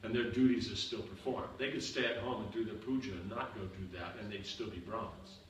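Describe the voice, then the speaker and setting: Male seminar teacher, lowish voice, checks "you understand?" often, picked up from afar. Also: a little fast. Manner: explains with repeated examples and frequent "you know" and "you understand?". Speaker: spiritual teacher answering seminar questions. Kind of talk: seminar Q&A lecture. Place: seminar room. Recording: echoey room, far from the mic, faint noise.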